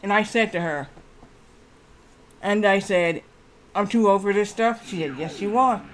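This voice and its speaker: A man's voice: sits high, measured pace, a bit bright, slight background noise. A man streaming a game who tells a long, rambling story and keeps repeating "I said" and "she said".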